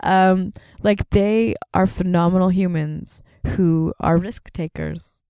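A woman in her thirties from Canada, telling stories as a guest in casual chat, with quick laughs and voices for the people she quotes. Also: fairly low pitch, steady tone, warm tone, clean tone, dry recording, clean studio sound.

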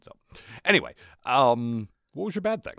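A man co-hosting a podcast in casual chat, laughing often and slipping into quick character voices. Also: mid-range voice, vocal fry, clear, resonant tone, dry recording, studio quality. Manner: chatty, laughs often, lively voice impressions. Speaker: podcast co-host.

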